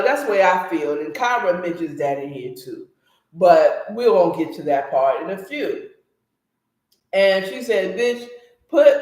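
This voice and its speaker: A woman casually recapping a story with blunt, opinionated commentary, talking straight to her listeners. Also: fairly low pitch. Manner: animated, blunt and opinionated, talks to listeners directly. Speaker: book recap host. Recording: roomy echo.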